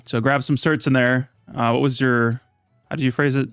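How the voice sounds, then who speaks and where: A man casually chatting on a live stream, reading chat aloud and answering questions in a relaxed, rambling way. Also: medium pitch, moderate pace, clean tone, no echo, studio quality, faint music behind. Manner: laid-back, reads chat aloud, rambling asides. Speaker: livestream host.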